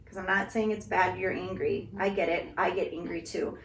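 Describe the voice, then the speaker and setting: Woman calmly explaining parenting advice. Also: lowish voice, normal speed, slight background noise. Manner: calm, explanatory, acts out parent-child dialogue. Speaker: guest speaker on parenting. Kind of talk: casual conversation. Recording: echoey room.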